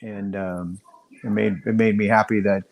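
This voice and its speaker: A man's voice: fairly low pitch, flat delivery, normal speed, vocal fry. A man co-hosting a casual livestream over a video call, telling a story with lots of restarts. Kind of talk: casual chat.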